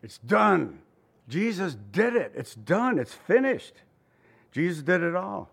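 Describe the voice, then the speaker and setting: A man's voice: high voice, big pitch swings, takes it slowly, gravelly, fairly bright tone, breathy edge. A man preaching a sermon in a conversational way, asking rhetorical questions and chuckling now and then. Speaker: pastor.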